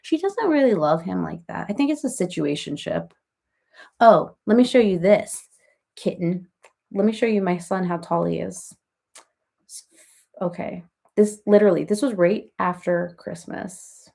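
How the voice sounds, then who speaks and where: Putting on a heavily acted, warm, gravelly voice pitched fairly low, a comedian spoofs a talkative reality-TV mom in a mock live chat. She speaks a little slowly but with animation, laughing as she wanders through gossip and family tales on a live stream.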